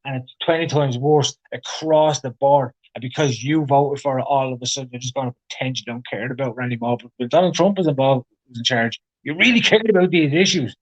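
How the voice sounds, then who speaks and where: A man's voice: medium pitch, fairly quick, few pauses, rough recording. A man co-hosting a casual podcast, ranting opinionatedly and swearing. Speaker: podcast co-host. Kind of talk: casual chat.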